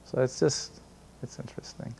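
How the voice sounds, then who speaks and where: An older man telling a personal anecdote in a lively, storytelling way. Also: normal speed. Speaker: devotee recalling memories. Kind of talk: storytelling interview.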